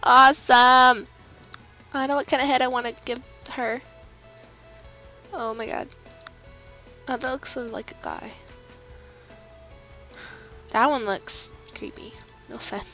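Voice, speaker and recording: A woman with a slightly high voice chatters through a casual gameplay session, bubbly and easily thrilled. She giggles often and reads the on-screen prompts aloud. Soft game music plays faintly underneath. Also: a little slow, pauses often. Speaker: let's play gamer.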